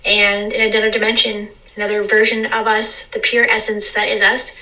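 A woman talking unscripted in a meandering, reflective monologue, repeating phrases and slowing down to stress words. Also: medium pitch, monotone, sharp tone, far from the mic, rough recording. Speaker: vlogger.

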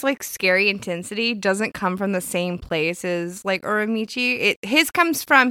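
A woman's voice: medium pitch, sharp tone, smooth, no echo, studio quality. Blunt, sarcastic woman. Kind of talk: casual chat.

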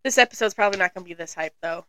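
A woman's voice: fairly low pitch, rapid-fire, bright, forceful tone. A woman co-hosting a casual podcast, joking, swearing and laughing through her lines. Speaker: podcast co-host.

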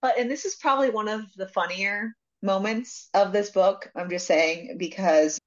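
A young woman co-hosting a book club podcast recaps a romance plot in a loose, casual way, dropping swear words as she goes. Her pitch sits in the middle, and the recording sounds a bit dull and lo-fi. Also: normal speed. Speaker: podcast co-host.

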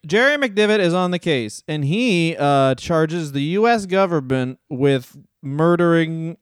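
A man's voice: on the high side, animated, measured pace, clear, resonant tone, dry recording. A man co-hosting a comedy podcast, recounting stories in casual chat on a close podcast mic. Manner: storytelling, laughs easily. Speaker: podcast co-host.

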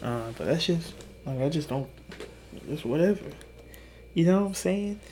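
A tired young man hosting a solo podcast, talking in a hushed, half-whispered way, rambling and swearing with little laughs. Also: fairly high pitch, animated, normal speed, slight background noise. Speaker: podcast host. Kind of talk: solo late-night podcast monologue.

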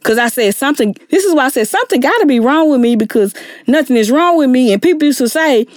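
Talking fast in a high-pitched, darkish voice with lively intonation, a middle-aged woman gives an emotional testimony as a guest. She recounts her story earnestly, acting out those she quotes; the recording is dry and studio quality.

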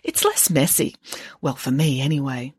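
A woman voicing a calm, proud teenage girl with a lofty manner. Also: extremely low pitch, normal speed, breathy edge, dry recording, studio quality, exaggerated voice. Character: composed, grandly self-assured teenage girl.

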